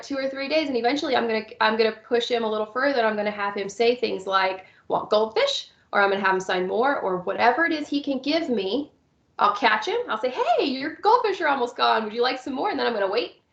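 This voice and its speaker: A woman's voice: a little high, fast talker, gravelly, a bit bright, echoey room, lo-fi sound. A woman teaching about young children with visual impairments, explaining step by step in a recorded presentation. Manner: explains step by step, acts out cheerful teacher lines.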